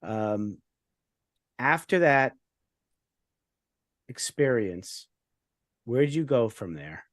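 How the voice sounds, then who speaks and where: A man's voice: medium pitch, big pitch swings, drawn-out words, pauses often, dry recording, clean studio sound. A man hosting an interview, mostly giving short affirmations and asking follow-up questions. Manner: brief affirming backchannels. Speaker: podcast host.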